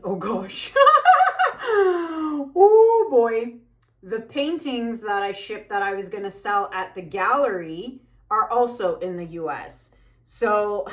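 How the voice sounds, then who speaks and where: A woman talks at an unhurried pace while she paints, and her chat comes out rambling and anxious. It is casual, with frequent fillers and restarts, and her voice sits at a middle pitch. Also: a bit bright. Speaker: fluid art painter and channel host.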